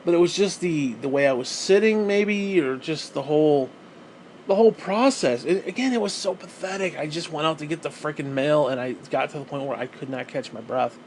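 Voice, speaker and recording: A man's voice: a little high, fairly quick, slight background noise. A man talking casually to camera in a vlog, rambling and self-deprecating, swearing often and restarting his sentences. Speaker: vlogger.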